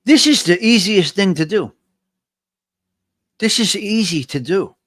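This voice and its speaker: A man's voice: high voice, expressive, a little slow, fairly bright tone, dry recording, clean studio sound. A man hosting a live morning coffee chat, talking straight to his viewers in a motivational, repetitive way and reading out their comments. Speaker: livestream host.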